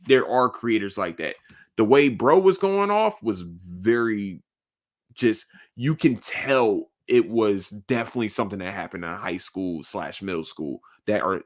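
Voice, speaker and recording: A young man hosts a solo podcast. His voice sits on the low side, and he talks in a heated, rambling stream, restarting sentences and leaning on slang. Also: a bit bright. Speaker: podcast host. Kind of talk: casual solo podcast monologue.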